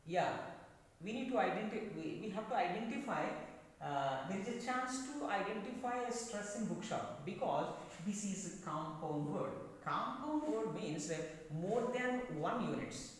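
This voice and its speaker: Male teacher, slow and repetitive, lively high voice, distant mic in an echoey classroom. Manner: slow, repeats phrases, many hesitations. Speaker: English teacher. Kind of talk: classroom lecture.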